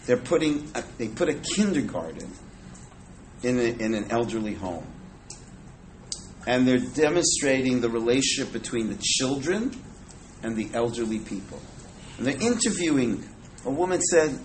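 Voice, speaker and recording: A man's voice: medium pitch, expressive, moderate pace, a little hiss or hum, rough recording. Male Torah teacher, mid-range voice, chatty lecture style with jokes and Hebrew terms. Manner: conversational, jokes with the audience, Hebrew and Yiddish terms. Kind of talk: informal Torah class.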